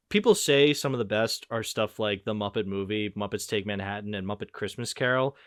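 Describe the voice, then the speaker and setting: A man in his twenties hosting a podcast, chatting casually about movies in a rambling, excitable way and swearing freely. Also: lowish voice, smooth, no room sound, clean studio sound. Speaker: podcast host. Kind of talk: casual movie-review chat.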